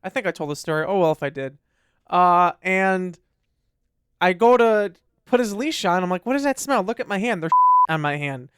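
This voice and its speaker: A man co-hosting a podcast in casual chat, telling an animated story and acting out what his dog would say. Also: high voice, normal speed, smooth, dry recording, studio quality. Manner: animated storyteller, acts out his dog's lines. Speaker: podcast co-host.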